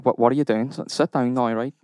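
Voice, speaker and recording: A man doing a hell-raising Irish hard man, gruff, threatening commands, put-on Irish accent, dry sound. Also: medium pitch, fairly even intonation, quick pace, darkish tone, dry recording, lightly acted.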